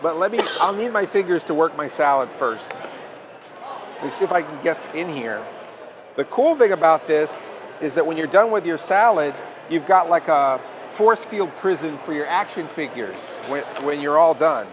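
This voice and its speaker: A horror show host riffs his way through comedy banter, halting and restarting as he jokes. His voice is a man's, slightly on the high side, with a clear layer of background noise behind it. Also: animated. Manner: rambling, halting, jokey.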